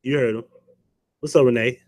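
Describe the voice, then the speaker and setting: A man's voice: mid-range voice, steady tone, normal speed, a little mellow, dry recording. A man hosting a casual livestream who curses freely, jokes, and greets chatters by name. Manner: profane, joking banter, greets chatters. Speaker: livestream host.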